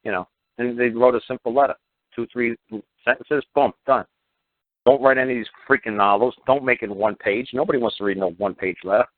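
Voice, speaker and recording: A man phones in as a radio guest and rambles profanely, slipping into little acted-out bits of dialogue. His voice sits at an ordinary middle pitch. The line is tinny and bone-dry, like a phone call with no room sound at all. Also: fairly even intonation, brisk, no room sound. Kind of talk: call-in talk radio monologue. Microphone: telephone.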